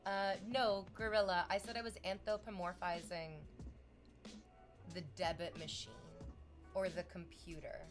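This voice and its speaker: Music plays behind a young adult woman as she livestreams, her medium-pitched voice running a little slow. Reacting to viewers in casual chat, she curses without restraint, shrieking with excitement and laughing.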